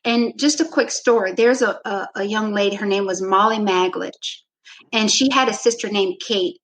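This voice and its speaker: Woman coach as interview guest, mid-pitched, relaxed storyteller who re-enacts her own past lines. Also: normal speed, low-quality recording. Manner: frequent "you know" fillers. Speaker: basketball coach, podcast guest.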